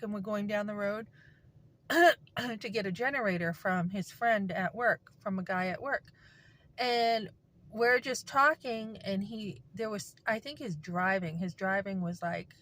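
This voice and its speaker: A woman recounts her own experiences in a candid, conversational way. Her pitch sits in the middle range. She acts out the back-and-forth of past arguments as she goes. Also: a bit bright. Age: adult with a son. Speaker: speaker sharing her story. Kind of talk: personal storytelling.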